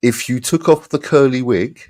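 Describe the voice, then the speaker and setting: A man's voice: medium pitch, normal speed, a little mellow. A man hosting a live-stream panel, chatting casually and teasing his guests with blunt jokes.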